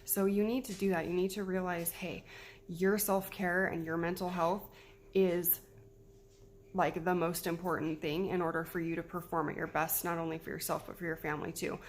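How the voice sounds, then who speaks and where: Woman, 30s, casual vlog tips, warm pep-talk delivery, lower pitch. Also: level tone, normal speed, slight background noise. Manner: chatty, encouraging, repeats herself. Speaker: mom giving self-care tips.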